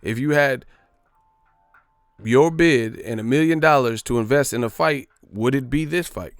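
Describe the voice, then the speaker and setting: A man's voice: mid-range voice, unhurried, no echo, faint music behind. A man hosting a boxing live stream, ranting in a profane, mocking, repetitive way.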